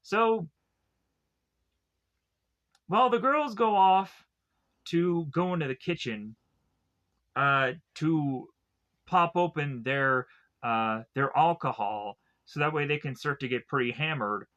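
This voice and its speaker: A man's voice: a little high, expressive, slow pace, pauses often, bright, forceful tone, lo-fi sound. A man casually recapping a TV episode, rambling with many fillers and quoting the characters in passing.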